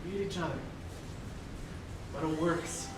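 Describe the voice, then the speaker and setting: A man plays a brash, jokey character in a live improv scene, with a voice high for a man. The sound is very echoey and distant. A steady noise hangs behind it. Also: a little slow. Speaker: improv performer. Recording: echoey room mic from far off.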